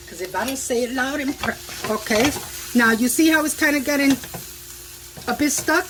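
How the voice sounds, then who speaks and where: A woman's voice: high-pitched, a little fast, noisy background. A woman casually narrating her home cooking for viewers in a chatty, enthusiastic way, talking from her kitchen stove. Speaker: home cook vlogger. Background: food sizzling in a pan.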